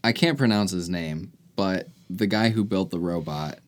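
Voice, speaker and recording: A man's voice: sits low, normal speed. A man co-hosting a casual movie review podcast, talking with dry, wry humor. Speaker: podcast co-host.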